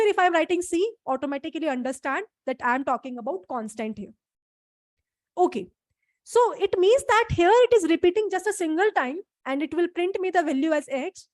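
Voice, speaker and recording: A woman with a high-pitched voice is the instructor in a live online lesson, explaining her material one step at a time. She stops frequently to confirm her students are following along. There's no room echo, and the sound is dry and close-miked.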